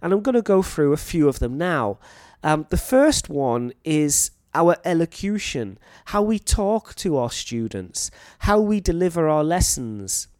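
A man's voice: a little high, very animated, a little slow, a little mellow, no room sound. A North Welsh man in his late thirties speaks in a slightly raised register, earnest and explanatory, like a teacher talking to colleagues. The recording is dry and close, with no room sound. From North Wales. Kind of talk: talk to fellow teachers.

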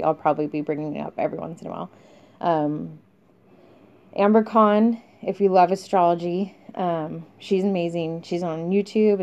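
Speaking with a warm, lowish voice, a young woman hosting a podcast opens up in a loose confessional monologue, peppered with fillers and soft laughter. The audio is lo-fi and dull.

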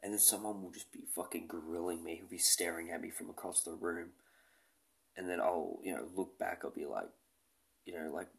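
A man's voice: sits low, fairly quick, gravelly. A man in his late twenties hosting a podcast, rambling casually in a self-deprecating way and swearing often. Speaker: podcast host.

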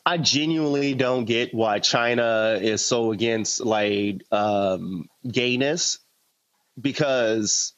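A man co-hosting a podcast in casual, hesitant banter full of pauses. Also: mid-range voice, a bit bright, no room sound. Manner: laid-back, hesitant, full of ums. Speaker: podcast co-host. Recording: dry, slightly dull podcast audio.

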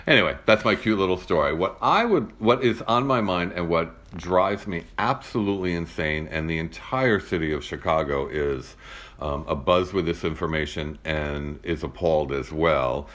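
Guy with a super deep radio-type voice, chatty podcast storyteller. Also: normal speed, a bit bright. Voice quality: rich broadcast-style voice. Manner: earnest, storytelling. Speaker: podcast co-host. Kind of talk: casual chat.

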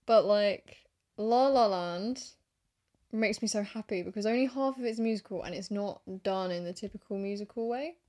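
A woman's voice: mid-range voice, moderate pace, darkish tone. Gushing, giggly woman. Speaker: podcast co-host. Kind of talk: casual chat.

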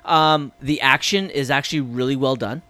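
A man co-hosting a podcast in casual chat, enthusiastic, swearing freely and trailing off as he gets excited. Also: mid-range voice, normal speed, dry recording. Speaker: podcast co-host.

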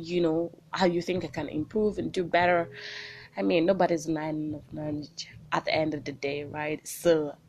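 A woman with a Nigerian English accent hosting a solo podcast from her small home. She talks into a phone in a bubbly, chatty way and slips into pidgin. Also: fairly low pitch. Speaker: podcast host. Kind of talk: solo motivational podcast chat.

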